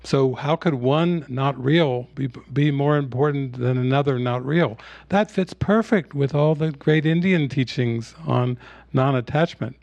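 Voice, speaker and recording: A man giving a spiritual teaching talk at an online retreat, retelling a film scene in a relaxed storytelling way. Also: mid-range voice, measured pace, gravelly, muffled recording.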